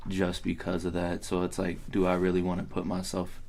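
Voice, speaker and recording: A man's voice: low voice, completely flat delivery, brisk, vocal fry, a little mellow. A young man who is a podcast guest, talking loosely with lots of fillers and frequent laughs. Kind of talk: casual podcast chat.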